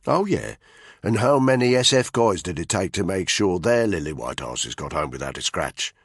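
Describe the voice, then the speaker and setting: A man's voice: low-pitched, lively intonation, moderate pace, slightly rough, no echo, studio quality, heavily acted. A male narrator voicing a brash, crude, mocking special forces soldier in an audiobook thriller. He sounds swaggering and scornful.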